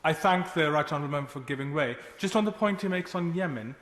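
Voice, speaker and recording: Man asking a pointed question in a parliament debate, talks really fast, long echo. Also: on the high side, lively intonation, fairly bright tone, slight background noise. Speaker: member of parliament. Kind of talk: parliamentary intervention. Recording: echoey chamber with long reverb.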